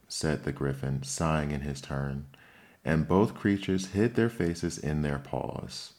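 A man with an exceptionally deep, low voice reads a classic storybook aloud. His narration is measured and steady, carrying the tale at an even storytelling pace.

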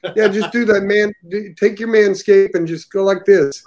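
Man, guest at a bar chat, laid-back, short replies, high-pitched. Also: steady tone, normal speed, a crowd in the background. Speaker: guest, regular customer. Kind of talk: casual chat.

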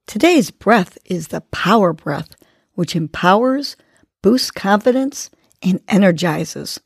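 Slow, gentle woman guiding breathing. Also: medium pitch, expressive, vocal fry, breathy edge, no echo. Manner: gentle, encouraging, slow and deliberate. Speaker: podcast host. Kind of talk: guided breathing and motivational talk.

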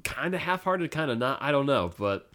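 A man co-hosting a casual podcast who laughs often and reacts with animated asides while recapping an episode. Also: medium pitch, normal speed. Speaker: podcast co-host.

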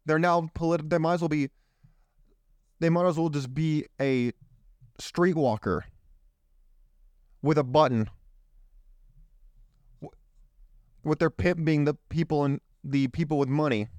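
Male host, indignant political monologue, fairly high and smooth voice, dry close mic. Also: a little slow, long pauses, darkish tone, no echo. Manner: indignant, rhetorical questions, rambling. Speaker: show host.

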